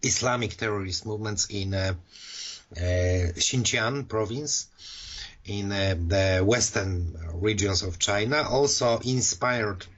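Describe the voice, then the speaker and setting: A man's voice: on the low side, slow, a bit bright. A man from Poland co-hosting a podcast in casual political discussion, hesitant and full of fillers and restarts. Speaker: podcast co-host. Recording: dull lo-fi sound.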